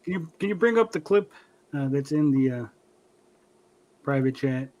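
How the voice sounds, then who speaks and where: A man's voice: medium pitch, expressive, moderate pace, darkish tone, low-quality recording. A man hosting a livestream podcast, telling a rambling story in casual, profane chat.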